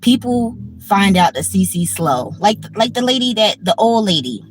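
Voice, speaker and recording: A woman's voice: medium pitch, sing-song, normal speed, faint music behind. A woman in her fifties, tired and blunt, talking casually on a livestream with profanity and repetition. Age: 50s. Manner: blunt, profane, repeats herself. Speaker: livestream host.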